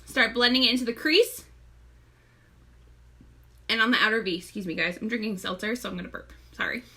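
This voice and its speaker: Her voice runs a little high, fairly quick, pushed and bright. She's a young, pregnant makeup seller hosting a casual live stream tutorial, chatty and greeting viewers by name while often short of breath.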